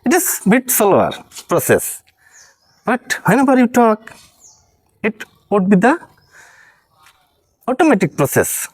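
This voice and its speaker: Slow, earnest Bangladeshi English-speaking man. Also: sits high, wildly swooping pitch, breathy edge. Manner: earnest, encouraging, halting with frequent self-corrections. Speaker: English language trainer. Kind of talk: motivational talk to learners.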